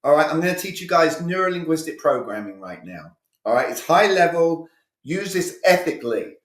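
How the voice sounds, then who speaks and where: Man, communication coach, energetic, emphatic, acts out dialogues, slightly high voice, roomy echo. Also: normal speed. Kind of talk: live online sales training.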